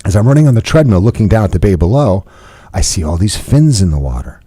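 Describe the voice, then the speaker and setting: A man in his fifties telling a personal story as a podcast guest, playful and animated, laughing often. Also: on the low side, quick pace, dry recording, studio quality. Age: 50s.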